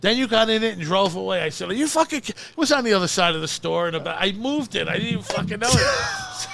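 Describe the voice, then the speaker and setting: A middle-aged New Jersey man spins a profane story, jumping into the voices of everyone in it. His voice sits high and sounds bright and gravelly, with a tense edge. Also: quick pace. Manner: animated, acts out the voices in his stories, frequent swearing. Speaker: podcast guest, storyteller.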